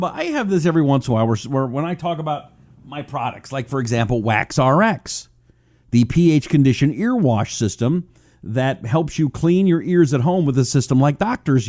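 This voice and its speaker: Gravelly-voiced talk radio host. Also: male voice, fairly high pitch, very animated, moderate pace, a little mellow. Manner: rambling, self-mocking, reads listener comments aloud. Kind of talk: casual political talk radio.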